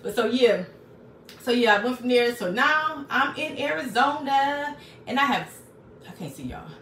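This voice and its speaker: A woman's voice: a little high, animated, moderate pace, fairly bright tone. Woman, crafting livestream host: casual and chatty with her viewers, recorded in a roomy space from a distant mic. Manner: chatty, talks straight to viewers, reads out comments. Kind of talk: casual live-stream chat with viewers. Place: small home craft room. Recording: roomy, distant mic with faint background noise.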